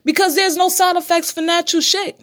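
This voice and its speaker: A woman's voice: extremely high pitch, fairly even intonation, a little fast, fairly bright tone. A woman hosting her own casual podcast, talking straight to her listeners in a blunt, preachy, profane manner. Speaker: podcast host. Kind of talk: casual solo podcast monologue.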